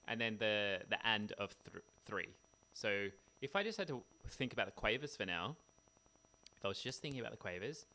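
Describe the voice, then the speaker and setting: A man's voice: lowish voice, moderate pace, pushed and bright. A man teaching music theory in a casual, chatty way, tired after a poor night's sleep. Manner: chatty, sings rhythms with scat syllables.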